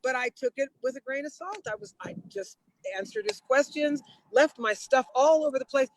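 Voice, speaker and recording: A woman guest telling a story in a casual, lively way, laughing often and slipping into the voices of the people she quotes. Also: sits high, moderate pace, slight background noise, rough recording.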